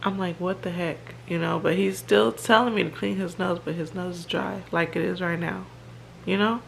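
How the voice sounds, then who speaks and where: A woman, talking casually and rambling to a phone at home. Her voice sits low and has a gravelly edge. Faint household noise hums behind her. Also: fairly even intonation, a little fast, a bit bright. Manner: chatty and rambling, with fillers and laughs. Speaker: vlogger. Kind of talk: casual chat to camera.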